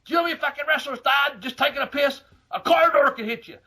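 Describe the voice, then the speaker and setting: A man putting on the voice of a hot-headed, burly male wrestler, shouting profane threats. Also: very high voice, fast, gravelly, voice pushed up, heavily acted. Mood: furious.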